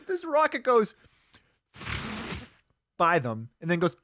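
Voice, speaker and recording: A man's voice: high-pitched, huge pitch swings, very slow, sharp tone, dry recording, clean studio sound. A man co-hosting a casual podcast, animatedly retelling a bad movie with frequent laughs and "uh" fillers. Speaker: podcast co-host. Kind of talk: casual movie-riffing chat.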